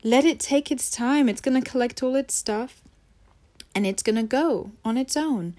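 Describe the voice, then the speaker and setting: Young woman podcast host, earnest self-help chat, fairly high, mellow tone. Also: moderate pace. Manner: earnest, conversational, laughs easily, drifts into acted quotes. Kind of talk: reflective self-help talk.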